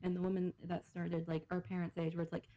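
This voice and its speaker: A woman's voice: fairly low pitch, completely flat delivery, quick pace, warm tone, slight background noise, rough recording. A young woman co-hosting a podcast in casual chat, rambling, laughing and cursing freely, her voice a little worn. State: slightly losing her voice. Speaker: podcast co-host. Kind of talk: casual chat, reading posts aloud.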